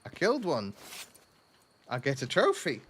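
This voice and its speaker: A man from southeast England casually commenting while streaming a game, animated and self-mocking, with a faint trace of a lisp on his S sounds. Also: a little high, moderate pace, slight background noise.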